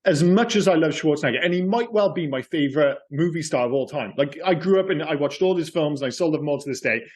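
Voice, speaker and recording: A man's voice: fairly high pitch, animated, fast talker, darkish tone. A man co-hosting a film podcast, talking in a casual, opinionated way, swearing freely and often restarting his sentences. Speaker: podcast co-host.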